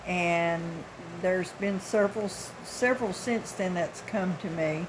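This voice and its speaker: A woman's voice: on the low side, slow pace, noisy background. A woman in her sixties from the United States, telling a story in a casual, blunt, folksy way with occasional chuckles. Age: 60s. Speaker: vlogger.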